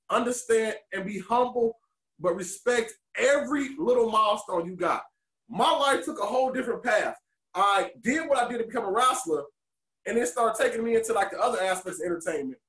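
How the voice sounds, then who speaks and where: A man from Detroit, a podcast co-host and former wrestler, telling candid stories in an animated, emotional way. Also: high-pitched, reverberant. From Detroit, USA. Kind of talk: candid storytelling interview.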